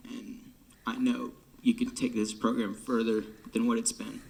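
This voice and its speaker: Young man, late teens, gravelly voice, emotional, half-whispering drum major farewell. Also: mid-range voice, little pitch movement, normal speed, darkish tone. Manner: choked up, often dropping to a whisper, sighing. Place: band room.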